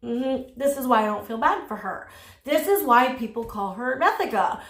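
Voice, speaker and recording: A high-pitched woman ranting through casual drama commentary, blunt and sassy with plenty of swearing. Her voice bounces around a roomy, echoey space. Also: expressive, normal speed, fairly bright tone. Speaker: commentary YouTuber.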